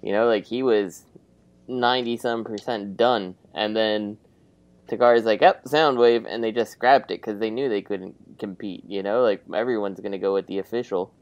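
A man's voice: on the low side, steady tone, normal speed, smooth, no echo, lo-fi sound. A man co-hosting a casual podcast, making wry asides. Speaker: podcast co-host.

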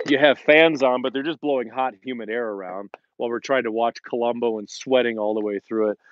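A man's voice: medium pitch, no echo. Man, middle-aged, fitness host, rambling live-stream chat, muffled lo-fi audio. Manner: rambling, chatty, acts out quoted lines. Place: home in the Colorado mountains.

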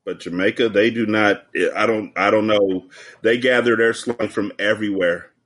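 A man's voice: lowish voice, fairly even intonation, moderate pace, fairly bright tone. A man as a podcast guest, telling stories and jokes in a profane casual chat over a video call. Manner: joking, profane storytelling.

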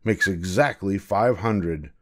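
A man's voice: deep voice, slow pace. A man voicing a weary, fussy old royal scribe in a storybook reading, counting in a tired, plodding way.

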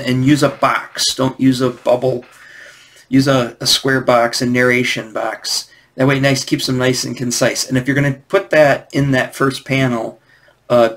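A man's voice: medium pitch, fairly bright tone. A man teaching comic scripting in a loose, rambling way, with many restarts and hesitations. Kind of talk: casual instructional talk.

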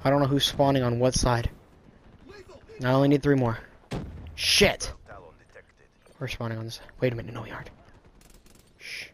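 A man giving live gameplay commentary, frustrated and swearing, with sudden excitable outbursts. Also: mid-range voice, moderate pace, pauses often, slight background noise. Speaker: gaming video creator.

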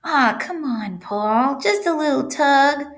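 A woman's voice: high voice, animated, slow, voice pushed up. A woman voicing a sly, wheedling talking pigtail in a children's story reading. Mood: coaxing. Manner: whiny, coaxing, at times whispered.

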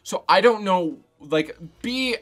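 A man's voice: high voice, lively intonation, takes it slowly, faint music behind. A young man giving frustrated live commentary while playing a football video game, ranting and swearing at the game. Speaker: gaming YouTuber.

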